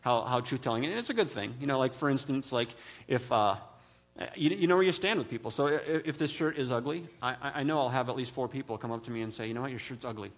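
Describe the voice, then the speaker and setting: A man's voice: lively intonation, fast talker. A man preaching a sermon, from the Midwest, telling humorous stories with frequent restarts. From American Midwest. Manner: storytelling, self-deprecating humor, many restarts; mimics others with high put-on voices. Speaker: pastor.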